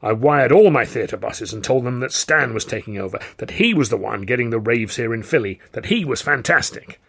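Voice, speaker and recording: A burly male theatre boss with a gruff, growling bark, played by a man reading a storybook. His husky voice swings up and gets louder when he presses a point. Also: medium pitch, expressive, fairly quick, exaggerated voice. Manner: growling, barking.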